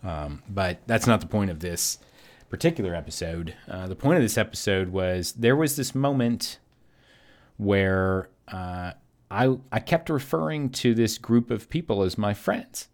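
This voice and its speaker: A man's voice: fairly low pitch, animated, measured pace. A man hosting a solo podcast, telling a personal story in a reflective, hesitant way with many fillers. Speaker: podcast host.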